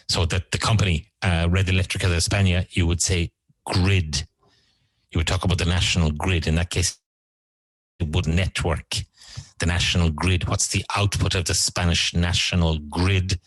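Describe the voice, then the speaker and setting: Low-voiced man teaching English words. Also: no room sound, rough recording. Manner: repeats words slowly and explains them. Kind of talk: vocabulary lesson.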